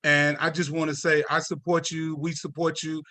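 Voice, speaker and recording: A man giving heartfelt closing remarks on a video call, emotional and close to tears, thanking people warmly in loose casual phrasing. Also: fairly high pitch, flat delivery, normal speed. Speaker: closing speaker at an advocacy event.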